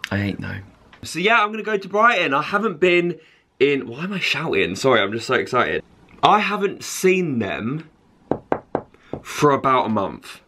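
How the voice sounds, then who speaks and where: A young man chatting excitedly to camera in a casual vlog, self-mocking and talkative. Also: medium pitch, no room sound. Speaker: vlogger. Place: in a car and out and about.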